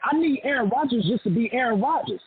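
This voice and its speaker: A man's voice: very high-pitched, expressive, fast talker, husky, no echo. A man calling in to a sports talk show, fired up and emphatic, repeating lines for effect. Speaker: caller. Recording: phone line with crowd behind.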